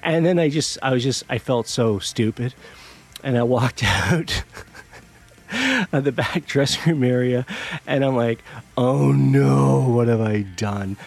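Hosting a music show, a middle-aged man with a mid-range voice tells a story unhurriedly and pauses often. His casual monologue rambles, pokes fun at himself, and keeps restarting.

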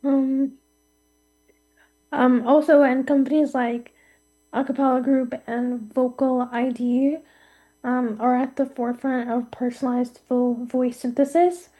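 A woman co-hosts a scripted podcast, her voice high and mellow. She reads in a steady, even way, often pausing on a quick um before carrying on. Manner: steady reading with frequent ums. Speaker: co-host. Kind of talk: scripted podcast chat on voice technology.

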